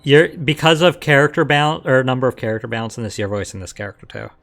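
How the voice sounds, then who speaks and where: A man's voice: mid-range voice, lively intonation, fast, a bit bright, soft background music. A man co-streaming a game, reading the hero's lines in an easygoing, dryly amused way. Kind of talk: casual let's-play chat and read-aloud dialogue.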